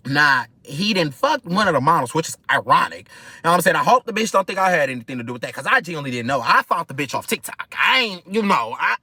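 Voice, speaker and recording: A man telling a storytime vlog in an animated, gossipy way and swearing freely. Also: on the high side, quick pace, breathy edge, dry recording. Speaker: vlog host.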